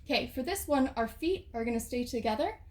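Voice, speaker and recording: A woman's voice: on the high side, lively intonation, brisk, a little mellow. A woman leading a follow-along home workout, counting reps aloud and giving instructions while exercising, slightly out of breath. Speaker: fitness instructor.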